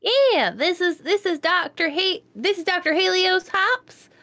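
A woman's voice: very high-pitched, expressive, measured pace, sharp tone, no room sound. A woman playing her character in a tabletop game, folksy in manner. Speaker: player.

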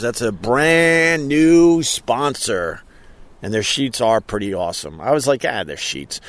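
A man's voice: medium pitch, a little hiss or hum. A man hosting a casual outdoor live stream, rambling and joking while reading out viewer comments. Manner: rambling, jokey, reads viewer comments aloud. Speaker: podcast host.

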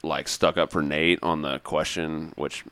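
A man's voice: rumbling low, level tone, a little slow, a bit bright, dry recording. A man co-hosting a podcast in casual chat, rambling with many restarts and trailing thoughts. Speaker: podcast co-host.

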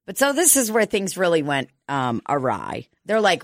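A woman's voice: lowish voice, sing-song, normal speed, no echo, studio quality. A woman host telling a comedic story in casual, profane talk, laughing often and acting out quotes.

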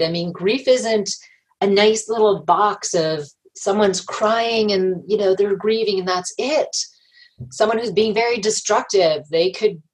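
A woman guest in an interview, telling stories in a lively way and acting out the people she quotes. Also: mid-range voice, low-quality recording. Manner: animated storyteller, acts out quoted voices, laughs often. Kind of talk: conversational interview.

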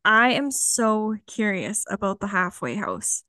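Curious lady podcast host, smooth clear voice, dry sound. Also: mid-range voice, very animated, a little slow, no room sound. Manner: warm, curious, eager questioner. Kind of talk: casual interview.

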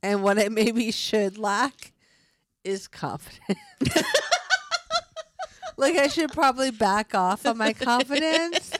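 A woman's voice: fairly high pitch, slow pace, long pauses, a little hiss or hum. A young woman from California co-hosting a podcast in casual chat. She laughs often and pokes fun at herself. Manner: laughs often, self-mocking, jokey. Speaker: podcast co-host.

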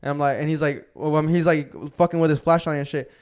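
A young man tells wild party stories on a casual podcast, swearing freely and saying "bro" again and again. His voice sits a little high and sounds smooth and clear. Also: quick pace. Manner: profane, animated storyteller, says "bro" a lot. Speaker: podcast co-host. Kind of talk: casual storytelling chat.

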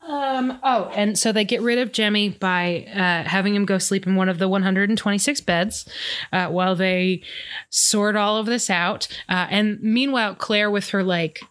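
A woman's voice: medium pitch, steady tone, normal speed, a bit bright, smooth, no echo. A woman co-hosting a podcast, recapping a TV series in a rambling, playful, jokey way. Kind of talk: casual recap chat.

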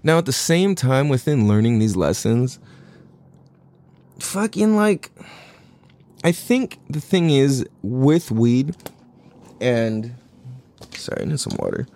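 A man's voice: mid-range voice, animated, takes it slowly, pauses often, a little mellow. A man in his thirties telling a long, rambling, profane story in a laid-back way, laughing often. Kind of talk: casual storytelling monologue.

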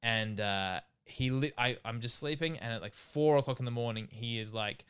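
A man's voice: mid-range voice, moderate pace, smooth. A man, a podcast co-host telling stories in casual chat and laughing often. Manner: animated, laughs through his stories.

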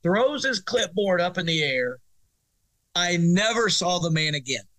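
A high-pitched, slightly slow voice belongs to a middle-aged high school football coach from Arkansas, USA, who is a guest in an interview. He tells an animated story, laughing through it and rambling with many restarts.

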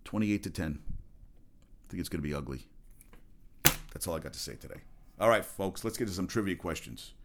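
A man's voice: low voice, lively intonation, brisk, pauses often, very noisy. A man hosting his own sports show in a casual, rambling rant, blunt and profane, with faint music behind.

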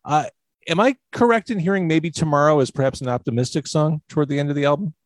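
A man's voice: a little high, quick pace. A man hosting a live-streamed interview, asking questions with a playful, teasing manner. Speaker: host.

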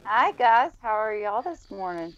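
A woman's voice: mid-range voice, big pitch swings, measured pace, dry recording. A woman with a Southern US accent, a podcast guest chatting in a friendly way. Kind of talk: casual chat. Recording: slightly dull lo-fi sound.

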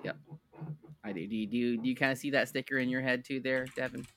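A man's voice: mid-range voice, level tone, fast, a bit bright, clean tone. A man co-hosting a podcast in casual chat, rambling and restarting as he eagerly recommends shows. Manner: rambling, self-correcting, enthusiastic recommendations. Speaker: podcast co-host.

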